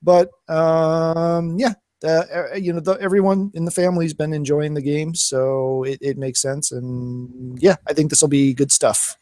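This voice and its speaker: A man's voice: on the high side, steady tone, a little slow, few pauses, dark tone, dry recording. A man co-hosting a gaming podcast, chatting casually with lots of fillers and restarts. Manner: rambling, many fillers and restarts. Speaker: podcast co-host.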